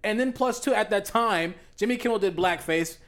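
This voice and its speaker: A young man with a high voice co-hosting a casual podcast. He argues with animated emphasis, repeats phrases for effect and swears freely. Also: moderate pace. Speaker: podcast co-host. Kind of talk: casual debate chat.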